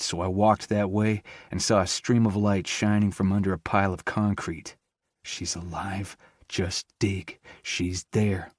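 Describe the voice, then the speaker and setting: Low-voiced male audiobook narrator. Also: no echo, studio quality. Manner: tense, intense first-person reading.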